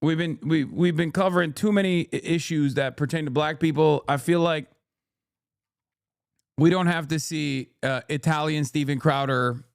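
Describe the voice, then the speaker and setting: A male streamer reacting live to clips, ranting bluntly and swearing freely as he goes. His voice sits a touch high and sounds bone-dry, close on the mic. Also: fairly even intonation, normal speed, no echo. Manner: blunt, profane, restless ranting. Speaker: streamer host.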